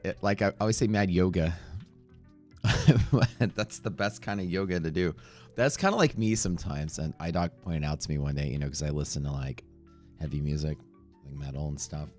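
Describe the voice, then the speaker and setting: Low-voiced male streamer, casual and rambling, soft music in the background. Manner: greets viewers by name, jokey and rambling. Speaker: livestream trading host. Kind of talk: casual livestream chat. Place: home streaming room.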